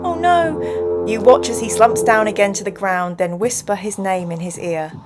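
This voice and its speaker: A woman's voice: mid-range voice, normal speed, music in the background. A woman hosting a livestream, reading a gamebook aloud and chatting with viewers with plenty of giggles. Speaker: streamer and game host.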